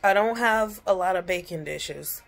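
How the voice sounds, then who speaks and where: A woman's voice: fairly low pitch, moderate pace, vocal fry. A woman chatting bluntly in a casual home vlog from her kitchen, swearing freely and talking with her lips barely open. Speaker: vlogger.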